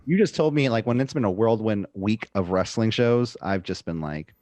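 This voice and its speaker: A man's voice: fairly low pitch, fairly quick, few pauses, a little mellow, no echo. A man hosting a podcast, chatting casually and recapping wrestling events in a chatty, easily amused way. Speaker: podcast host.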